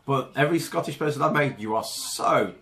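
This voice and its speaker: A man's voice: medium pitch, a little fast, vocal fry, a bit bright. A man co-hosting a movie commentary podcast, rambling and hesitant, swearing for emphasis. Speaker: podcast co-host.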